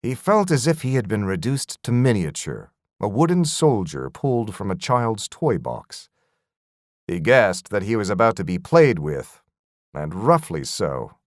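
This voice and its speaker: A man narrating a fantasy audiobook in an expressive storytelling manner. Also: lowish voice, a little slow, no echo, studio quality.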